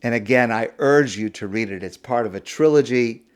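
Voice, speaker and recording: A male rabbi giving a sermon, telling a parable in an expressive storytelling manner. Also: medium pitch, moderate pace, clean tone.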